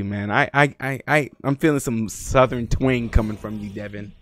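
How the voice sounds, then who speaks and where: A man live-streaming a game, chatting casually and profanely with his viewers, swinging from low muttering to loud excited outbursts. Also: measured pace, few pauses, no echo, clean studio sound. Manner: slangy and profane, talks to chat by name. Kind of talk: casual live-stream chat while gaming.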